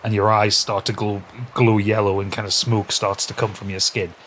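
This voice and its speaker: A man with a lowish voice, running a tabletop game as game master. He teases his players and swears casually, with a faint hum of noise behind him. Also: flat delivery, moderate pace, fairly bright tone. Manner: teasing, sweary banter.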